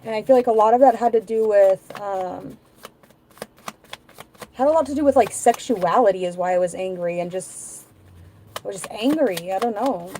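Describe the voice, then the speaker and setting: A woman's voice: medium pitch, moderate pace, pauses often, dark tone, slight background noise, low-quality recording. Rambling woman giving a casual tarot reading. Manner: rambling, musing aloud, many fillers. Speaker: tarot reader.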